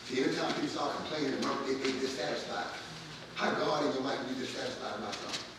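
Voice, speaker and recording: A pastor preaching a sermon in an emphatic, colloquial way, moving between quiet scripture reading and near-shouting, with words often stammered and repeated. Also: male voice, medium pitch, racing. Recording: very echoey room, mic far off, faint noise.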